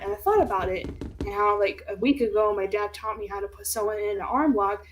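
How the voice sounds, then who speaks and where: A young woman streamer telling stories in casual chat, animated and laughing, swearing freely and acting out what people said. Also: medium pitch, fairly quick, slight background noise.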